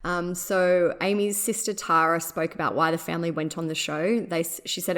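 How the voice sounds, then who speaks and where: A woman hosts a podcast and reads from her notes in a measured, steady way. Her voice sits on the lower side, with an occasional "um" between points. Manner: measured, reading aloud with fillers. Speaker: podcast host.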